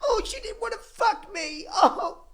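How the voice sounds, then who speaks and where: A man putting on a high, whining voice to mock a self-pitying young man. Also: animated, measured pace, vocal fry, fairly bright tone, full character voice. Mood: whiny.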